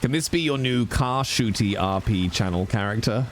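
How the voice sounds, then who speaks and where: A man's voice: mid-range voice, normal speed, faint music behind. A male livestreamer chatting casually with his viewers in a teasing, mock-exasperated way. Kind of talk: casual chat with stream viewers.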